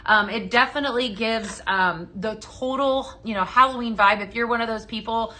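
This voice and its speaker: A woman's voice: fairly high pitch, moderate pace, pushed and bright. A woman hosting a live-stream product demo, chatty and upbeat, often tagging her sentences with "right?" and greeting viewers by name. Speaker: live-stream sales host.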